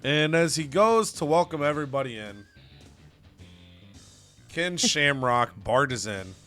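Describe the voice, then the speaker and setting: Bright, playful male game narrator. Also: on the high side, slow pace, soft background music. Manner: animated, playful recap. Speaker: video game storyteller. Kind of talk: casual narration of a game season.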